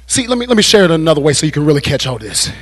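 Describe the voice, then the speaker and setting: A man preaching a sermon as pastor at a Bible study, repeating phrases and building to shouted climaxes. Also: on the high side, sing-song, rapid-fire. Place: church.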